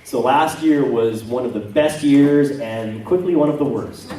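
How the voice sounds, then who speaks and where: A man's voice: mid-range voice, measured pace, mellow. A Canadian man, a voice actor, talking casually and self-deprecatingly at a convention panel. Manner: chatty, self-deprecating, rambling with many asides. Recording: echoey hall, from far off.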